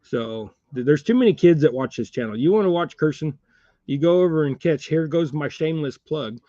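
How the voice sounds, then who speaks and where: Folksy rambling man, slightly high voice. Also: lively intonation, fairly quick, mellow, dry recording, lo-fi sound. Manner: rambling, folksy, chuckles often. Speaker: fishing channel host. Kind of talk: casual livestream chat while tying jigs.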